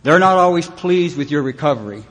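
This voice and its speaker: A man's voice: on the high side, expressive, a little fast, a bit bright. A man from Los Angeles speaking at a recovery retreat, telling his own story with wry, self-mocking humor and acting out the people in it. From Los Angeles, California. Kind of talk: personal recovery talk. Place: retreat meeting hall, live audience.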